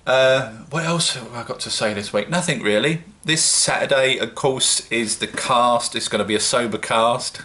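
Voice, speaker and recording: A man's voice: mid-range voice, normal speed, few pauses, pushed and bright. A man with a British accent, chatting casually and rambling a little in a self-mocking home-brewing vlog. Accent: British English.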